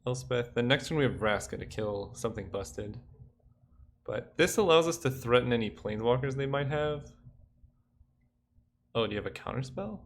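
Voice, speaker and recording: A man's voice: mid-range voice, lively intonation, moderate pace, creaky, long pauses, a little hiss or hum. Man thinking aloud over a card game. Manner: thinking aloud, counting mana under his breath. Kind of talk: casual gameplay commentary.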